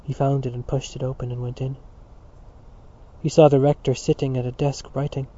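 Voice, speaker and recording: A man reading a novel aloud as narrator in a measured storytelling manner. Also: mid-range voice, little pitch movement, mellow. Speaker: audiobook narrator. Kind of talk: scripted narration. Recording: dull lo-fi recording.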